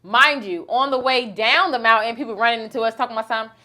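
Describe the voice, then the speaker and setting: A woman in her thirties hosts a relaxed conversation, spinning a story with lively, teasing energy. Her voice is bright and sits a little high. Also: fast. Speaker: host. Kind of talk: casual chat.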